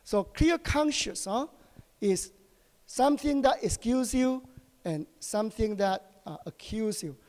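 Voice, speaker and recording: Guy preaching, high voice, lots of uh and right?, long echo. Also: lively intonation, a little mellow. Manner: asks the congregation short questions, halting with many fillers. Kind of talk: sermon. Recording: long hall reverb.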